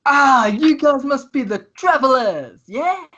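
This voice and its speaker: A man voicing a flamboyant, flirtatious male tiefling thief who talks loudly and teases with giggles, in a tabletop game. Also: extremely high pitch, expressive, slow, lo-fi sound, voice pushed up, full character voice. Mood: showy. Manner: loud, showy, teasing, giggly.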